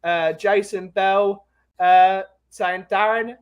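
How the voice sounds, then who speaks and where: A man's voice: sits high, steady tone, slow, clear, resonant tone. A man hosting a casual podcast chat, joking around and reading out audience comments. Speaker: podcast host.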